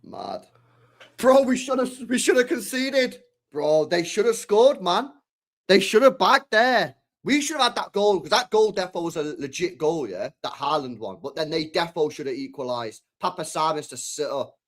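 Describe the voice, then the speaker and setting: A young man live-streaming his reaction to a football match, excitable and slangy, shouting at the screen and swearing. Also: fairly high pitch, normal speed.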